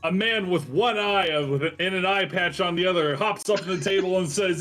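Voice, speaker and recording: A man's voice: high voice, brisk, hardly any pauses, fairly bright tone, faint music behind. A man narrating as game master in a tabletop game with a playful, laughing manner.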